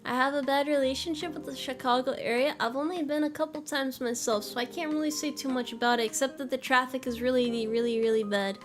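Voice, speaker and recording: A woman's voice: high-pitched, fairly even intonation, fast, few pauses. A young woman streamer chatting casually with her viewers. She giggles often and trails off and restarts her sentences. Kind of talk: casual chat reading viewer messages.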